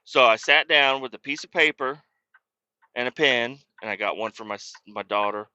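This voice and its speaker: A man hosts a podcast and tells his story in a loose, rambling way, with a lot of swearing. His voice is very bright and cutting. The recording sounds dull and lo-fi. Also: mid-range voice, moderate pace, clean tone, no room sound. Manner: profane, storytelling, worked-up. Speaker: podcast host. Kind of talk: casual rambling monologue.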